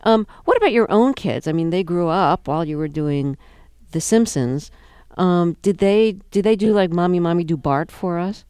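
Measured woman radio host, dry studio. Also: fairly low pitch, animated, mellow, clear, resonant tone, no echo. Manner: measured, hesitant questions. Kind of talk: radio interview. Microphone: studio microphone.

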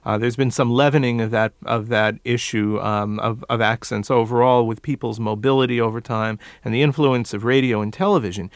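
A man, a dialect coach interviewed as a guest, who demonstrates accents by repeating words in a measured way. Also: mid-range voice, no echo, studio quality.

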